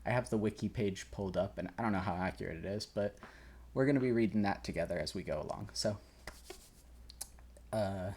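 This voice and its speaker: A man's voice: on the low side, brisk, long pauses, slight background noise. A man casually rambling and reacting while music plays at home, swearing and chuckling now and then. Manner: rambling and laid-back, swears, chuckles often. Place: at home in his room. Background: game soundtrack playing softly.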